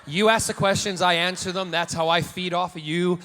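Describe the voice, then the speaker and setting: A man in his forties, a celebrity guest at a convention panel, telling bawdy, campy anecdotes to the crowd with energetic restarts and playful jokes. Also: high-pitched, brisk. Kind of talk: live convention Q&A storytelling. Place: large convention hall panel room. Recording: echoey hall with faint noise.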